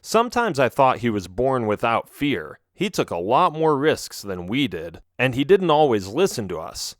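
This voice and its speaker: A man narrating an audiobook adventure in the first person, with expressive storytelling. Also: medium pitch, moderate pace, dry recording, clean studio sound.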